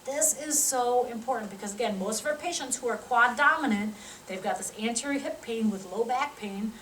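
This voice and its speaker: A woman's voice: a little high, a little fast, fairly bright tone, a little hiss or hum. Woman coaching from a distant roomy mic. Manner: coaching a volunteer through an exercise, cueing and encouraging. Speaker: physical therapy instructor. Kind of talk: live teaching demonstration.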